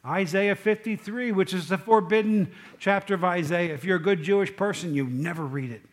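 A male preacher delivers a sermon in a fairly high voice. He reads scripture with rising force, then drops low for quiet asides. He keeps putting questions straight to his listeners. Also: a little fast. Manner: animated, swings between loud scripture reading and quiet asides; asks the congregation questions directly.

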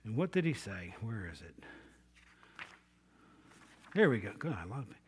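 A middle-aged man, a pastor, retelling a Bible story in an animated sermon. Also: fairly low pitch, a little slow, breathy edge.

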